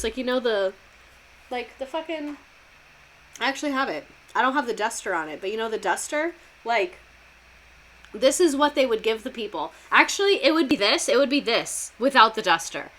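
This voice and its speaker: A woman's voice: fairly high pitch, expressive, normal speed, a bit bright. A woman, a former teacher, gives a casual and sarcastic history lesson full of swearing and laughing asides.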